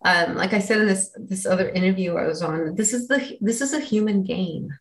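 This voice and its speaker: A woman's voice: mid-range voice, fairly quick, reverberant, low-quality recording. A woman guest in an interview, a business coach speaking in an earnest, inspirational way. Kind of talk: casual interview talk.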